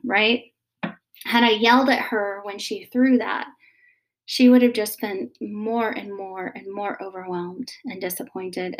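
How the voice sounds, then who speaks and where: A woman, in her thirties, talking casually and gently about parenting, with many pauses and fillers. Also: a little high. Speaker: mother giving parenting advice. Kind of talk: casual advice talk.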